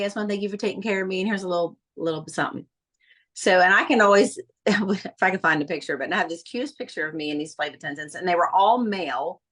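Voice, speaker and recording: A woman's voice: on the low side, a bit bright. A woman in casual chat, telling stories animatedly and acting out the voices of the people she quotes. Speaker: direct sales consultant.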